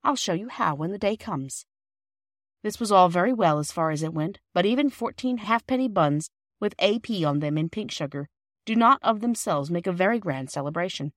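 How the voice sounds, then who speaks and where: Female audiobook narrator, clear steady storytelling, very dry close mic. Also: on the low side, fairly quick, no room sound. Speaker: audiobook reader.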